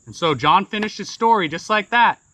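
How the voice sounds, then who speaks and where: Man, folksy tall-tale teller, slightly high and bright voice, loose rambling delivery packed with fillers. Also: animated, brisk, dry recording, lo-fi sound. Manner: casual, rambling, many fillers. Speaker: storyteller.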